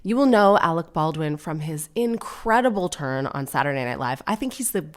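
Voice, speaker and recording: Low-voiced woman, chatty and sardonic. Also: animated, normal speed. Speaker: podcast host. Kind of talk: casual solo comedy chat.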